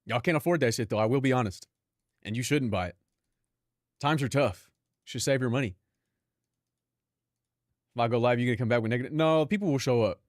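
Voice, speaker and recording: A man's voice: medium pitch, fairly quick, pauses often, dry recording, clean studio sound. A young Filipino man, a live streamer, chatting casually and profanely with his viewers, laughing often. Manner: loose, profane, laughing banter with chat.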